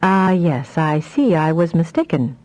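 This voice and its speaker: Woman reading as a soft-drawling male mentor. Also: low voice, unhurried, soft background music, poor audio. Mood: teasing. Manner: soft drawl, calm and teasing. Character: patient older male telepath mentor.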